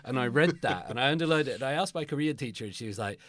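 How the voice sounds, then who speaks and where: A man's voice: mid-range voice, expressive, very fast, fairly bright tone. A man hosting a podcast interview who asks long, rambling questions with many restarts. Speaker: podcast host. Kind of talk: casual interview.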